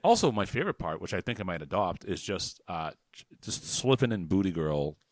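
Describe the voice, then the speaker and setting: Man, comedy podcast co-host, rambling, swearing, laughing, animated pitch, dry close sound. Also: fairly quick, no room sound. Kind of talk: casual comedic chat.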